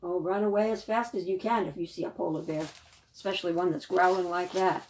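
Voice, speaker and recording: A woman librarian leading a children's storytime, reading a picture book aloud with animated questions to the young listeners. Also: on the low side, a little fast, a little hiss or hum. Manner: animated, questions to the children, gasps and sing-song.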